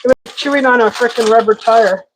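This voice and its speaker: A woman's voice: on the high side, fairly quick, a little hiss or hum, low-quality recording. A woman hosting a live cooking stream from her home kitchen, chatting casually and talking to the food as she works. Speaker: cooking show host.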